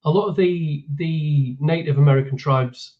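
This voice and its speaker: A man's voice: on the high side, moderate pace, highs cut off. A man chatting casually as co-host, hesitating and often repeating words. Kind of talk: casual chat.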